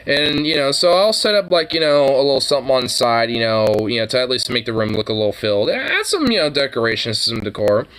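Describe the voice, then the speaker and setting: A man's voice: medium pitch, expressive, quick pace, hardly any pauses, a bit bright, a little hiss or hum, poor audio. Rambling, profane male streamer. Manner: profane, rambling, heavy with fillers and restarts. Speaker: streamer reacting to videos. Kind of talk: casual rambling commentary.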